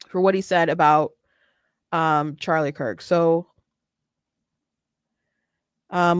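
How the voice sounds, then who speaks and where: Animated woman chatting on her own show. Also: lowish voice, smooth, no room sound, clean studio sound. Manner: chatty and animated, with frequent restarts. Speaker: commentary show host. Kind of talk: casual political commentary.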